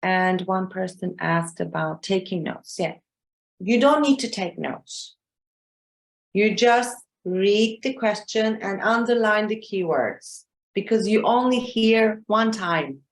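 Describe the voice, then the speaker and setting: A woman trainer teaches a class over a video call at a middle pitch. She is patient and keeps checking in with "okay?" and "yeah?" Her voice carries a roomy echo. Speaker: exam trainer. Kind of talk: live online class.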